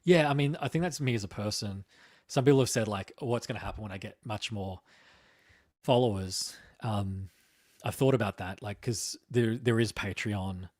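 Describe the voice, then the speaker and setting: Husky low-voiced Australian-born man. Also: normal speed, darkish tone, no echo, studio quality. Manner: rambling, reads chat comments aloud. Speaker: political streamer hosting a live chat. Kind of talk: casual live-stream chat.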